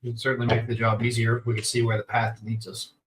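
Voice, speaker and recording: A man's voice: mid-range voice, completely flat delivery, fast, fairly bright tone, slight background noise, rough recording. A man playing a tabletop role-playing game, giving short, dry replies, partly in character. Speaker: player.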